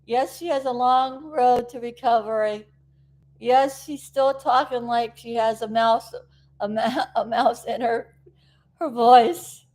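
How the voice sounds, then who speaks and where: Slow-talking emotional woman vlogger. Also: on the high side, fairly even intonation, a little mellow. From South Florida. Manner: rambling, emotional, talks to viewers. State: recovering, tearful. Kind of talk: casual chat to camera.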